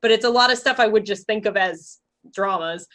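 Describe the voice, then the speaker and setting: A woman's voice: medium pitch, brisk, a bit bright. A woman co-hosting a casual podcast. She talks in a loose, rambling way, full of filler words and restarts. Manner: chatty, lots of filler words. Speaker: podcast co-host. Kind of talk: casual chat.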